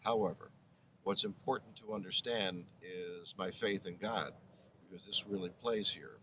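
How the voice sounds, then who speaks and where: A man's voice: low voice, moderate pace, pushed and bright, a little hiss or hum. A man in his seventies, originally from Brooklyn, telling his story as an interview guest in an earnest, reflective way. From Brooklyn, New York. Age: 70s. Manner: earnest, reflective, restarts phrases often. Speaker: guest, former radio broadcaster.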